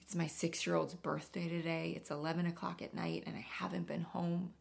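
A woman voicing an exhausted working mother who speaks softly through tears, half-whispering. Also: on the low side, little pitch movement, fairly quick, vocal fry. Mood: tearful. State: crying.

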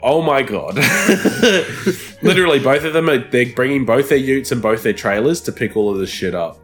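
A man's voice: mid-range voice, animated, moderate pace, fairly bright tone, faint music behind. A young man, co-hosting a casual podcast, telling stories with lots of swearing and laughter. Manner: swearing, laughing storyteller acting out game chatter. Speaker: podcast co-host. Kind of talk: casual chat.

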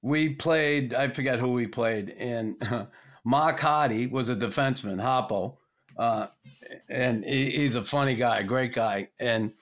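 A man's voice: mid-range voice, unhurried. A man hosting a podcast, telling profane locker-room anecdotes in a casual, laughing way. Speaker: podcast host. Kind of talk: casual storytelling chat.

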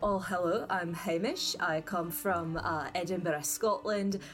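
A woman's voice: lowish voice, steady tone, a little slow, a bit bright, soft background music, voice pushed down. A woman voicing a kind, round elderly man in his late seventies in a tabletop game, who rambles and hesitates with many ums and uhs. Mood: fond. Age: late 70s figure.

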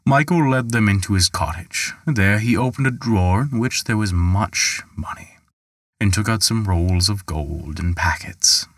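A man narrating a folk tale in a measured, calm storytelling manner. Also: lowish voice, no echo, studio quality, distant mic.

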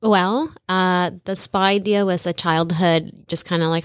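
A woman's voice: lowish voice, fairly even intonation, measured pace, smooth, no room sound, studio quality. A young woman as an interview guest, telling her story casually and often acting out quotes with lots of "like". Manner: chatty, often says "like" and acts out quotes.

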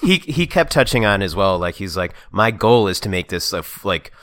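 A man's voice: low-pitched, sing-song, normal speed, fairly bright tone. A young man co-hosting a casual podcast, laughing often as he retells scenes and quotes lines. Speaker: podcast co-host. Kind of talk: casual chat.

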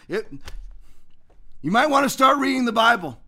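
A middle-aged man hosting a political commentary show, ranting indignantly and often shouting. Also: very high voice, expressive, normal speed, long pauses.

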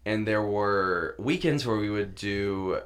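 A man's voice: fairly low pitch, takes it slowly. A man in his twenties, a podcast guest, telling a story in casual chat and laughing often as he goes.

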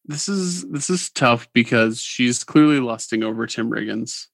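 Podcast co-host, male, gravelly, dry close sound, easygoing review chatter. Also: mid-range voice, animated, unhurried, no echo. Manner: laid-back, conversational, gives scores. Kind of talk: casual chat reviewing a TV episode.

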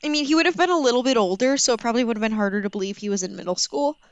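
A young woman co-hosting a podcast in casual movie chat, giggly and animated, with big pitch swings. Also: racing, clean tone, dry recording, highs cut off. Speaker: podcast co-host.

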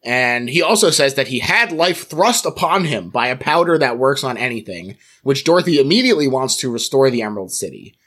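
Podcast host guy recapping a movie, jokey, laughs a lot, bright sharp tone. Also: mid-range voice, sing-song, a little fast, hardly any pauses. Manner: playful, laughs at his own jokes. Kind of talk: plot recap and casual chat.

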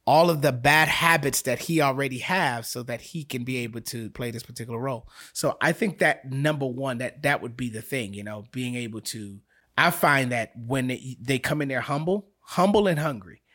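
A man speaks as an acting coach in a relaxed interview. He explains things through repetition and examples, with lively energy. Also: medium pitch, moderate pace. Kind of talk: casual interview chat.

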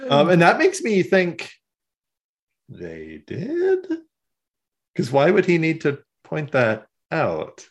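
A man co-hosting a casual podcast chat, animated and joking, quick to act out bits of dialogue. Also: on the high side, highs cut off. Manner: animated, joking, quick to slip into character voices. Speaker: podcast co-host.

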